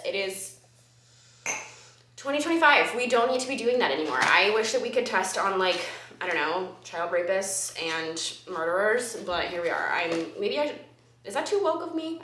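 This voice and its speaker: A woman's voice: medium pitch, noisy background. A woman in her twenties chatting casually to camera about beauty products in her apartment, rambling with lots of ums. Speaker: beauty vlogger. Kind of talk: casual haul chat to camera. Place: apartment living room. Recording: roomy echoey room.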